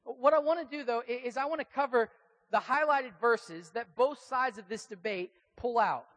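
A man's voice: very high voice, moderate pace, a bit bright. A man with an American accent preaching a sermon in a casual, conversational, self-deprecating way. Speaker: pastor.

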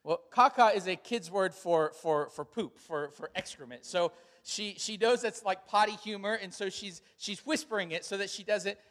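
A man's voice: high voice, moderate pace, a bit bright. A middle-aged man as pastor, giving church announcements and a sermon in a casual, storytelling way with frequent fillers. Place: large church hall. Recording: church hall with long reverb.

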